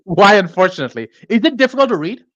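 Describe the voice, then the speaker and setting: A man's voice: sits high, big pitch swings, fast talker, fairly bright tone, no echo, muffled recording. A man hosting a casual podcast chat, rambling through fillers with a dry, self-mocking manner. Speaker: podcast host.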